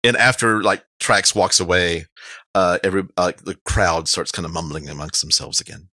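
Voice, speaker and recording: A man's voice: sits low, fairly even intonation, normal speed, sharp tone, no room sound. A man narrating as game master in a casual, rambling way.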